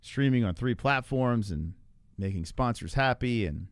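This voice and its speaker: A man's voice: mid-range voice, expressive, measured pace, no echo, clean studio sound. A man hosting a casual livestream, ranting and joking with chat, often profane and mocking. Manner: ranting, mocking a chatter in a put-on voice; profane and jokey. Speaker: livestream host.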